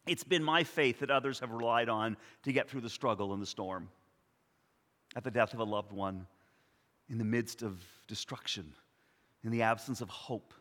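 A man in his sixties preaching a sermon, telling personal stories in an earnest, reflective way with soft pauses. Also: medium pitch, in a large hall. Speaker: pastor.

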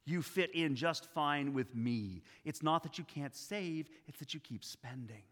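Jesus as a preacher plays him, slow and gentle but firm, bright voice ringing in a big hall. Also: male voice, a little high. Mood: commanding. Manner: slow, deliberate, tender with bursts of authority. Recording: long hall reverb.

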